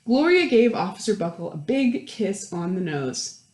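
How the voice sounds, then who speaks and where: A woman hosting a children's storytime, reading aloud and chatting to young kids in a bright, lively sing-song manner. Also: mid-range voice, moderate pace. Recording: roomy echo with piano. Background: piano.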